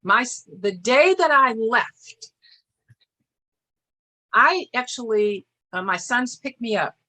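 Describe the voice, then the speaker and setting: An older woman answering interview questions in an earnest, measured way, often restarting her sentences. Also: on the high side, animated, sharp tone. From Boston area. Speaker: interview guest, former state senator. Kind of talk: reflective interview talk.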